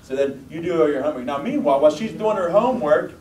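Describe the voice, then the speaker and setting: A man with a mellow, relaxed tone preaches a sermon as easy conversation, often turning questions back to the people listening. His voice sits far from the mic in a roomy space, with a faint low rumble behind it. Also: fast talker. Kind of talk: sermon with a personal story.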